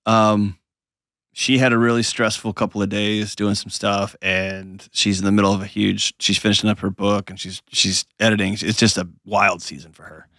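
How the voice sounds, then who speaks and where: Advice-show host, male, low and dry, sincere and reassuring. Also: flat delivery, normal speed, fairly bright tone, dry recording.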